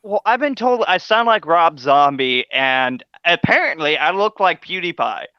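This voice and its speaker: A man's voice: a little high, lively intonation, normal speed, smooth, no room sound, dull audio. A man as a podcast guest, chatting playfully and laughing often. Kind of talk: casual chat.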